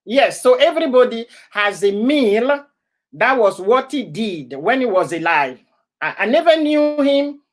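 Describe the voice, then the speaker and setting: A woman's voice: fairly high pitch, expressive, unhurried. A woman from Ivory Coast hosting a casual live stream, often laughing and greeting viewers by name. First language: an Ivorian language.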